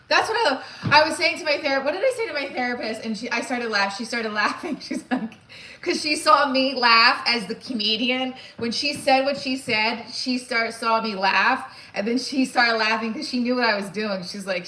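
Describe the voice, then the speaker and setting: Comedian lady vlogging, bright voice, swears a lot, echoey room w faint noise. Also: a little high, brisk. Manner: frank, swears freely, rambling restarts. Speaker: comedian vlogging her day. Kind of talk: candid casual vlog.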